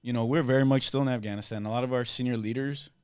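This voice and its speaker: A man's voice: medium pitch, steady tone, racing, a little mellow, clear, resonant tone, dry recording. An American man in his thirties, a podcast guest, chatting casually and agreeing a lot, swearing freely. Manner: easygoing, many affirming "yeah"s, swears casually. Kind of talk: casual chat.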